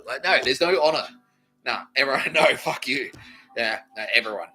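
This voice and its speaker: A man's voice: animated, normal speed, sharp tone, faint music behind, low-quality recording. An Australian man hosting a podcast, delivering a rambling comedic monologue full of swearing and giggles. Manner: profane, giggling, wildly swinging pitch. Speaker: podcast host.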